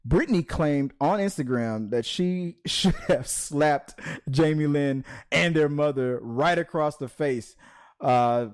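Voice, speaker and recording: A man with a slightly high-pitched voice hosts a casual panel discussion. He talks in halting bursts, restarting his sentences often, and drops in dry sarcastic asides. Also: clean tone. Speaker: podcast host.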